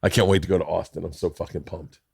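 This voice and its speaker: A middle-aged man hosts a loose podcast conversation, rambling from one story to the next with a lot of casual swearing. His voice sits low and is recorded close and dry, with no room sound around it. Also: steady tone, fast, gravelly, darkish tone, husky, dry recording. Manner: rambling, profane, talks over others. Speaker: podcast host. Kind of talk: casual chat.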